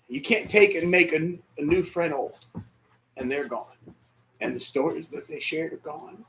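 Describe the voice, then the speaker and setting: A man preaching a sermon as pastor, emotional, dropping to near whispers and rising to shouts. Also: on the high side, unhurried, slight background noise. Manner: emotional, swings from hushed to shouting. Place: church sanctuary.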